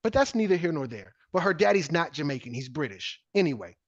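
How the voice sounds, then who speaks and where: A man's voice: a little high, sing-song, quick pace, no echo. A man hosting a podcast, giving casual commentary and reading articles aloud in an emphatic way that repeats phrases for stress. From United States. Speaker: podcast host. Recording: dull lo-fi dry sound.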